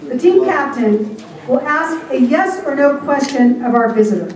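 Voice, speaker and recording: A woman's voice: high-pitched, darkish tone. Older woman hosting a game in an echoey hall. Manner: playful, reads rules aloud. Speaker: event host. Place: large hall with an audience. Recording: echoey hall from far off, crowd noise.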